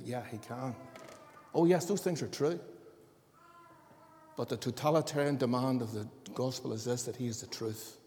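A man's voice: medium pitch, steady tone, normal speed, pauses often, a little mellow, long reverb tail. A man preaching a sermon as pastor, emphatic and building in force.

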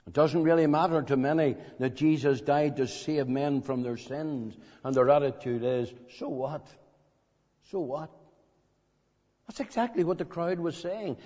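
A man preaching an evangelistic sermon in a meeting hall, slow and dramatic, pressing his listeners with emphatic questions. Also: mid-range voice, darkish tone. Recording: dull lo-fi recording in a reverberant hall.

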